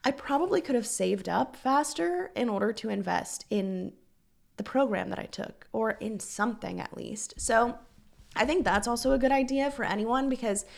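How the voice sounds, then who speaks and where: A woman's voice: fairly high pitch, normal speed, vocal fry. A young adult woman hosting a podcast, talking casually and earnestly, with fillers and a voice that keeps cracking. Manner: earnest, chatty, encouraging, with frequent fillers. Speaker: podcast host and business coach. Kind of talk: casual solo podcast talk.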